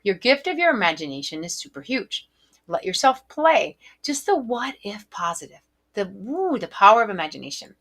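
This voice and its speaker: A woman hosting her own podcast, giving gentle, encouraging spiritual coaching with many fillers and softly guided breathing. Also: medium pitch, big pitch swings, moderate pace. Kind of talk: solo podcast coaching talk.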